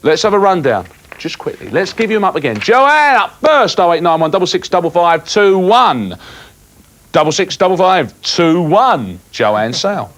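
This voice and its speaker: A man's voice: fairly high pitch, very animated, moderate pace. A man presenting a live cable TV phone-in, full of jokey banter and mock bluster.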